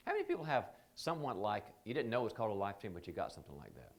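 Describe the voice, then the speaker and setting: A man's voice: lowish voice, wildly swooping pitch, racing, slight background noise. A man teaching a live training seminar in a conversational, joking way, often slipping into quoted voices.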